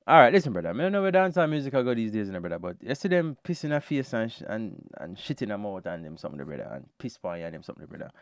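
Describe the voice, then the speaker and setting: A Jamaican man reviews a song in casual, animated talk, calling the listener brother again and again. His voice is smooth and resonant, and the sound is dry and close. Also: on the low side, rapid-fire, hardly any pauses, no room sound. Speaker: reaction podcast host. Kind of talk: casual music review commentary.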